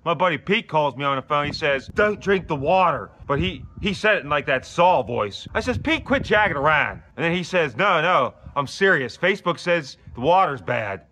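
A man playing a gruff middle-aged Pittsburgh dad with a Pittsburgh accent, complaining and sarcastically nagging his family in a comedy clip. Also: on the high side, very animated, normal speed, hardly any pauses, pushed and bright, full character voice. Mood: grumbling. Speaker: comedy character.

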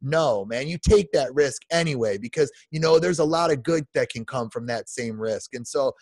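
A man's voice: medium pitch, moderate pace, a little mellow, dry recording. A man in his forties, a podcast guest delivering an emotional, heartfelt rant full of restarts. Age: 40s. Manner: emotional, repetitive restarts, says "man" often.

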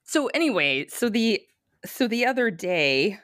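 A woman's voice: medium pitch, big pitch swings, a little slow, fairly bright tone, no room sound, clean studio sound. A woman co-hosting a podcast, rambling through stories with lots of fillers in casual chat. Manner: rambling, storytelling with filler words. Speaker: podcast co-host.

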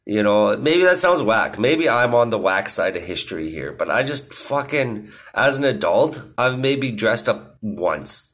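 A man in his thirties telling loose stories on his podcast, his voice sitting a bit low. He swears every other word and drifts from one topic to the next, chuckling at himself. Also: animated, measured pace, few pauses, a bit bright. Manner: profane, rambling, laughs at own jokes. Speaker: podcast host. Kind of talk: casual monologue.

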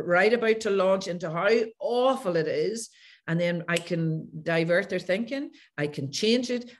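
A woman coach, a podcast guest telling her own stories with animation and acting out past conversations. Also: lowish voice. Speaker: guest, coach who works with clients. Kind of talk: podcast interview storytelling.

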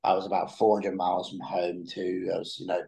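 Gravelly, low-voiced man. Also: fairly quick, rough recording. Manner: animated storyteller who repeats words when starting sentences. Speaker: podcast guest. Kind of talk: casual conversational storytelling.

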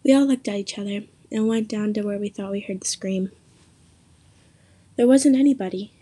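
A young woman reading her own spooky story aloud, lifting her voice for the quoted lines and dropping low and soft for the narration. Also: moderate pace, husky. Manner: reads quotes with more pitch and force, narration low and soft.

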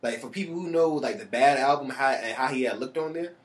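A co-host in a relaxed, animated chat, telling stories and laughing often. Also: mid-range voice, brisk. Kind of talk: casual chat. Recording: roomy echo.

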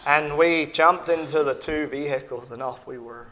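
A man's voice: a little high, moderate pace, few pauses, sharp tone. A man from the United States, a missionary, telling a personal testimony with vivid sound effects and acted-out dialogue at a Sunday evening church gathering. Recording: long reverb in a large hall.

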